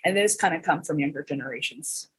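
An earnest podcast guest who writes and spells out names carefully, talking casually about their work. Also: female voice, sits low, fast talker, husky, rough recording. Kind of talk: casual chat.

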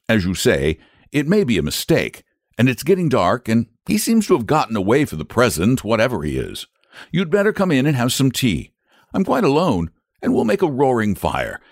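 A man's voice: mid-range voice, dry recording, studio quality. A man voicing a kindly, cheerful circus man in a storybook reading, speaking in a genial, hospitable way.

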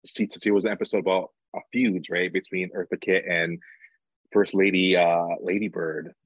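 Young male guest, writer-actor type; low, husky, casual and talkative. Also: little pitch movement, normal speed, no room sound, dull audio. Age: young adult. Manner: chatty, fills talk with "like". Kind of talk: casual conversation.

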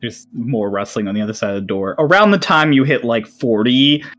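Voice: medium pitch, expressive, a little fast, fairly bright tone, soft background music. A laughing tabletop game master.

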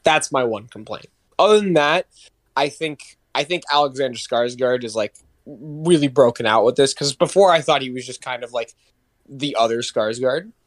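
A man's voice: mid-range voice, normal speed, dry recording. A young man co-hosting a podcast in casual chat, rambling with lots of fillers and swearing. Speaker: podcast co-host.

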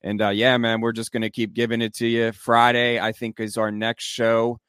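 A man's voice: mid-range voice, level tone, normal speed, a bit bright, clear, resonant tone, dry recording, clean studio sound. A man hosting a sports podcast, wrapping up the episode in an upbeat promotional sign-off. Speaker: podcast host. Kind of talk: casual sports chat and show outro.

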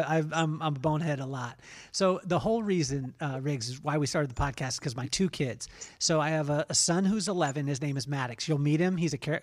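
Podcast host, male, forties, higher pitch, rambling and self-mocking. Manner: self-deprecating, rambling with restarts. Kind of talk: casual storytelling interview.

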